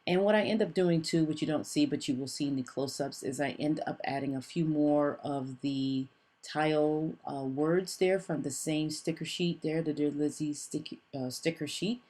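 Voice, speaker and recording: Deep-pitched female craft vlogger, casual voice-over, meandering delivery full of fillers. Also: normal speed, dark tone. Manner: chatty, meandering, with frequent fillers and self-corrections. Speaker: scrapbooking craft host.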